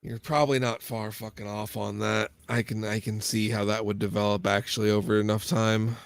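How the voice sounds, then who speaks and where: A man's voice: on the low side, little pitch movement, brisk, creaky. A man chatting on a podcast, sardonic and profane, often sounding exasperated. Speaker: podcast co-host. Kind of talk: casual podcast banter.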